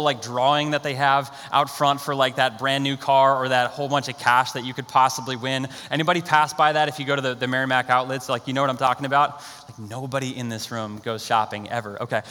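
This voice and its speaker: A young man preaching a sermon as a pastor, telling stories with animated, acted-out quotes. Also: medium pitch, long reverb tail. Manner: animated storytelling, acts out quotes.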